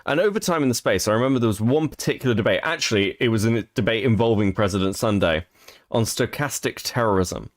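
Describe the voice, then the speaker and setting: A man's voice: fairly low pitch, fast, dry recording, studio quality. A man streaming casual reaction commentary, chatty and profane, laughing between remarks.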